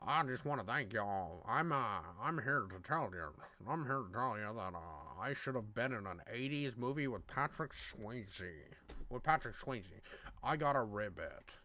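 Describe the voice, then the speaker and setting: A man putting on a deep, dragging rapper drawl. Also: animated, moderate pace, bright, forceful tone. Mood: mocking drawl. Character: slow, mumbling deep-voiced man parodying a rapper.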